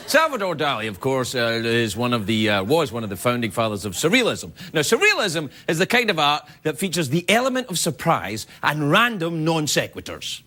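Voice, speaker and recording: A man hosting a late-night talk show, delivering an animated, joking comedy monologue on a TV studio stage. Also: on the high side. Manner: animated, joking, jumps into silly voices. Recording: loud studio audience laughter and noise.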